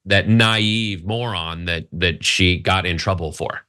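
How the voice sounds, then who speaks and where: A male co-host on a political news show with a bright, tense voice. He jokes and mocks as he talks, casual and quick with his opinions. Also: low-pitched. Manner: joking, mocking impressions. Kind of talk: political commentary chat.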